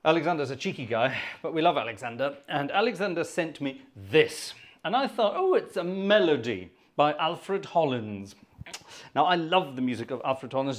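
Chatty man hosting an organ livestream. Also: on the high side. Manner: chatty, jokey, self-mocking asides. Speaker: livestream organ concert host. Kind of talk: casual chat greeting viewers.

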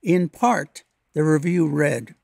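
A man giving scripted documentary narration in a measured, even, read-aloud delivery, recorded as a close voice-over. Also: a little high, gravelly, no echo. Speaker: local history narrator.

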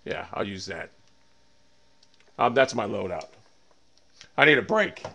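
A man streaming a shooter game, swearing often and swinging between loud frustrated rants and low muttering to himself. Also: big pitch swings, unhurried, gravelly. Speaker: gaming streamer. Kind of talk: live game commentary.

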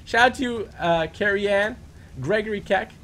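A young man hosting a game live stream, chatting casually and giving quick, upbeat shout-outs with some stumbles. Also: high-pitched, a little hiss or hum. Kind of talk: casual live-stream chat, reading out super chats.

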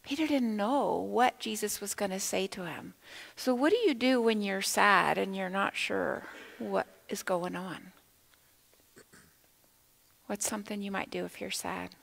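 A woman storyteller at children's time in a church, with a mid-pitched voice that has a gravelly edge. She keeps the children involved by asking them questions and sometimes lowers her voice to a whisper for effect. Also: unhurried, low-quality recording. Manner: animated, asks the children questions, drops to a whisper at times. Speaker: children's minister. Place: church sanctuary.

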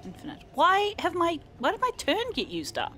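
A woman co-hosting a let's play, chatting casually and excitedly while playing. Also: very high-pitched, moderate pace. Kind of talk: casual gameplay chat.

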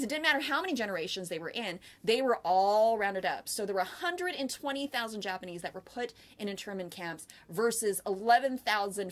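An American woman co-hosting a podcast, talking earnestly in casual conversation and often asking "right?". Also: mid-range voice. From United States. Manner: earnest, talkative, explains with many "like" and "right?". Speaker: podcast co-host.

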